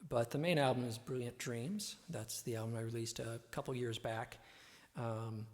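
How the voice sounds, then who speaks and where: A man's voice: mid-range voice, fairly even intonation, normal speed. A man hosting a live-stream show, rambling as he talks, with many fillers. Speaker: host and musician. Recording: reverb-heavy echoey audio.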